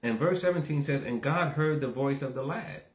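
A man preaching a conversational sermon that starts low and calm and builds into emphatic, raised exhortation. He repeats himself and keeps checking with the listeners. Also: normal speed, echoey room. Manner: repeats words, asks the audience "right?".

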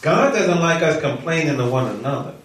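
A man leading a Bible study, reading scripture slowly and solemnly, then teaching the group conversationally with questions. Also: on the high side, lively intonation, a bit bright. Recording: echoey room, mic far off.

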